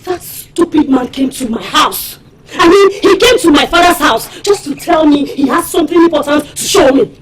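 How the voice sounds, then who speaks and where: An actress playing a proud, fiery young village woman with a Nigerian accent who talks scornfully and shouts. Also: sits high, normal speed, close to an everyday voice, poor audio. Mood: indignant. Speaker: young woman confronting a suitor.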